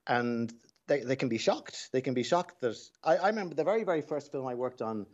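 A man's voice: mid-range voice, animated, a little fast, dull audio. An Irish man, a dialect coach, telling anecdotes as a radio guest in a reflective way with frequent restarts.

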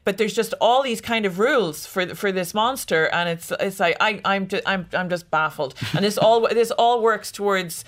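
Female film critic, conversational radio guest, chatty and halting. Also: mid-range voice. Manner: chatty, hesitant, exasperated. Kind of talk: casual radio chat.

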